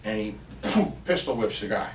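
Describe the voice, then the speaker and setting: A man's voice: lowish voice, normal speed. Man, podcast guest, casual storytelling, acts out quotes, distant mic, roomy echo. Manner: animated storyteller, acts out quotes with big excited rises. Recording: roomy and distant with faint noise.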